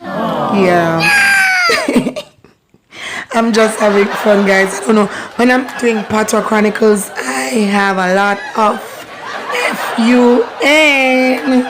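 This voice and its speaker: A Jamaican woman with a hoarse voice hosting a casual patois lesson, chatty and laughing as she repeats phrases for learners. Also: medium pitch, unhurried, heavy background noise. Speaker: host teaching patois.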